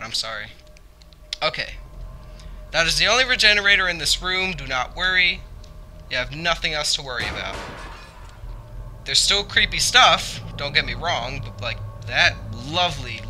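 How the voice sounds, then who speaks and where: A man's voice: fairly high pitch, pushed and bright. A young man hosting a let's play, talking through the game and yelping and repeating himself when something startles him. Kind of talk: gameplay commentary.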